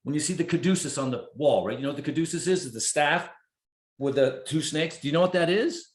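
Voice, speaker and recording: Animated New Jersey man, roomy sound. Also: a little high, fast. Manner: animated, swears freely, acts out his own inner voice. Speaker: podcast guest. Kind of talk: conversational storytelling. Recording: roomy echo.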